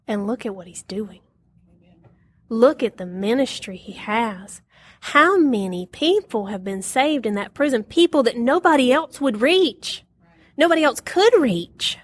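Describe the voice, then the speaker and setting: A middle-aged woman with a slightly high voice teaches a casual Bible lesson to a group in a dry recording. She tells stories animatedly, laughs often, and acts out quotes.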